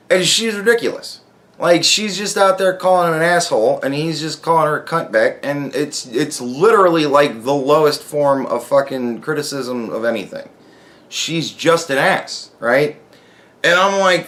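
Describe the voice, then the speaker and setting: A man's voice: on the high side, moderate pace. A man hosting his own podcast, ranting in a loose, profane monologue full of swearing. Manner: animated, swearing constantly. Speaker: podcast host.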